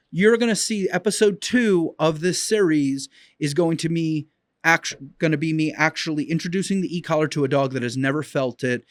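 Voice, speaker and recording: A man's voice: on the high side, no echo, clean studio sound. A man teaching as a dog trainer in an instructional video, talking emphatically and repeating key points.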